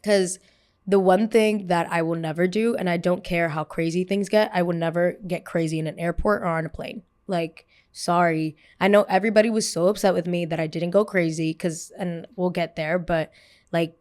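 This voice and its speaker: A woman podcast host telling a story in a casual, animated way, talking fast and full of fillers like "like". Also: lowish voice.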